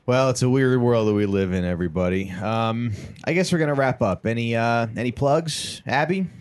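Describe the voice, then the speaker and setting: A man's voice: mid-range voice, moderate pace, smooth. A man hosting a podcast in casual chat. He sounds laid-back and mostly gives short replies, then wraps the episode up. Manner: laid-back, brief affirmations. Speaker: podcast host.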